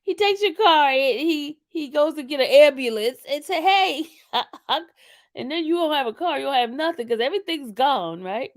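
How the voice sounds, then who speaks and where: A woman commentating casually to her viewers, animated and laughing often, calling them y'all. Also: very high voice. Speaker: commentary channel host.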